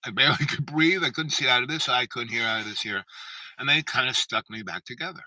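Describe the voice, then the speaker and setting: A man's voice: mid-range voice, quick pace, pushed and bright, dry recording, far from the mic, rough recording. A man telling a long personal story in a meandering, self-interrupting way and acting out the people he quotes. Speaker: channel host.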